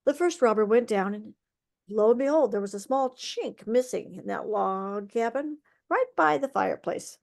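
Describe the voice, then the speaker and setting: A woman storyteller telling a folk tale over a video call. Her delivery is lively and expressive, with sound effects worked in, and her voice sits a little high. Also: normal speed, gravelly.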